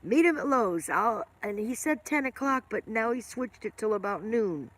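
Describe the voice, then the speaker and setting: A woman's voice: on the high side, lively intonation, moderate pace. An older woman hosts a loose, rambling live stream and talks to her viewers by name. Her voice carries a smoker's cough, and she chats easily from one thought to the next. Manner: rambling, chatty, answers viewer comments by name.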